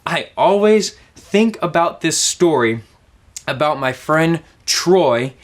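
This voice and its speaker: A young man teaching a children's ministry object lesson, telling stories to kids in a lively way. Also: on the high side, slow.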